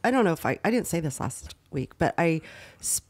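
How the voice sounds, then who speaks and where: A woman's voice: deep voice, a little fast. A young woman co-hosting a podcast, telling a rambling story in a casual chat and acting out the dialogue. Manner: rambling, animated retelling with quoted dialogue. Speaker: podcast co-host.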